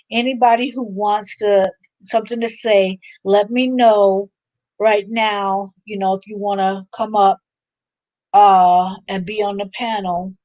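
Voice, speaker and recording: A woman's voice: mid-range voice, darkish tone, no echo. A woman hosting a casual livestream chat with viewers, chatty and laughing often, sounding a little drained. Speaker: livestream host.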